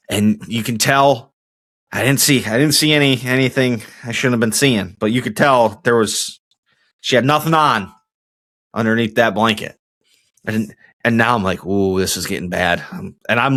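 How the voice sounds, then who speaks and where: Rambling man with a lively voice. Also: medium pitch. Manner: rambling with many restarts. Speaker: podcast host. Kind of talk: casual storytelling.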